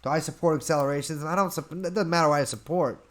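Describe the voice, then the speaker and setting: Man, podcast host, casual livestream chat, deadpan, slightly high voice, desk mic. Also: quick pace. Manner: offhand, deadpan, reads and answers questions.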